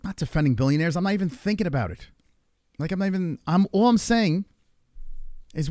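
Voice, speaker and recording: A man's voice: high-pitched, lively intonation, brisk, darkish tone, no room sound, clean studio sound. Profane ranting man. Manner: profane, rambling, exasperated. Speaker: streamer. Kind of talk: ranting casual monologue.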